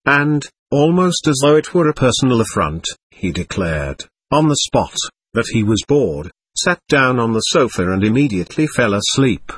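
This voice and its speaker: A man reading a classic novel aloud as audiobook narrator, in a measured literary manner. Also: medium pitch, sing-song, breathy edge, no room sound. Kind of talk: scripted narration.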